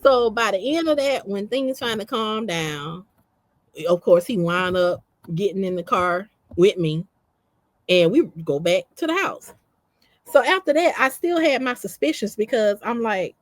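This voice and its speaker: A woman's voice: fairly high pitch, moderate pace, dry recording. A woman recounting her own story in casual conversation, repeating phrases and quoting herself. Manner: animated, repeats phrases, quotes herself in dialogue.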